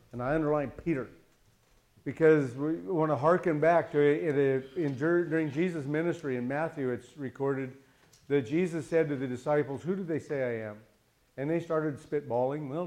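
A man leads a Bible study in an easy, talkative way, his voice sitting a little on the higher side. He keeps asking his listeners questions and slips into the voices of the people he quotes. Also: darkish tone. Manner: chatty, asks the listeners questions, acts out quotes. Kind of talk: conversational Bible study teaching.

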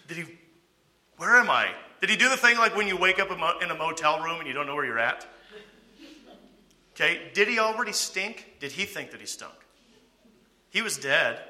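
Leading a Bible study in a conversational way, this man often asks "okay?" and poses rhetorical questions. His voice sits higher than usual and has a very sharp, bright edge.

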